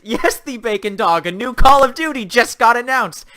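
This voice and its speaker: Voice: medium pitch, very animated, normal speed, sharp tone, a little hiss or hum. A young adult livestream host chatting casually with viewers, reading chat aloud and ranting sarcastically about games.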